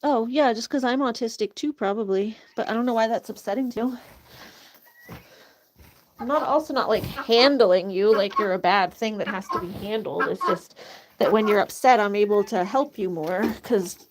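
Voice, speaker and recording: A woman's voice: medium pitch, moderate pace, a little hiss or hum. A woman chatting casually while she feeds farm animals, cooing at them in a sweet, raised voice and laughing often. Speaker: animal keeper.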